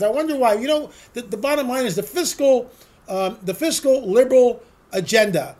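A man's voice: sits high, lively intonation, fairly quick. A man giving an opinionated solo commentary, sarcastic and ranting, firing off rhetorical questions to his listeners. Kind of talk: opinionated monologue.

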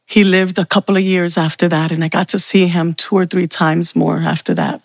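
A woman's voice: fairly low pitch, animated, normal speed, vocal fry, dry recording, clean studio sound. A woman giving an earnest, heartfelt personal faith testimony. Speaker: testimony speaker.

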